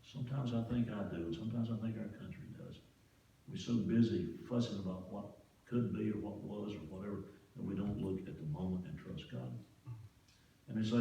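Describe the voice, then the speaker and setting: A man's voice: fairly low pitch, fairly quick, mellow. A man preaching a sermon as pastor, in a folksy, conversational way with homespun asides. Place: church sanctuary. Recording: distant, echoey church sanctuary, dull sound.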